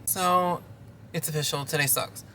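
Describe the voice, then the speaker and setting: A man ranting casually in an animated, exasperated way while working as a delivery driver. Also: a little high, measured pace, slight background noise, low-quality recording.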